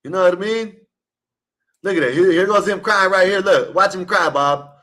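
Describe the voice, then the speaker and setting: A man's voice: high-pitched, moderate pace, pushed and bright. A man calling into an online panel, arguing a sports debate in an emphatic, repetitive way and scolding his listeners. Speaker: caller in an online open panel. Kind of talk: heated casual sports debate.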